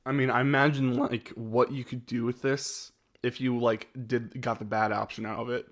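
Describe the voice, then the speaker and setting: A man talks loosely on a live stream, working through a ranking of his own videos. He hesitates and restarts often, breaking into short laughs, and his voice sits at an ordinary middle pitch. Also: little pitch movement, moderate pace. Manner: rambling and hesitant, with frequent laughs. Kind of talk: casual live-stream chat.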